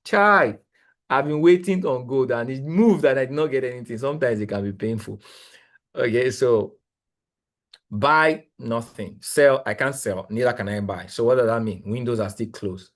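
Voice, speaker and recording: Excitable man coaching trading. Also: medium pitch, brisk. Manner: excitable, exclamatory, rambling with repeats. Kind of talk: live screen-share trading analysis.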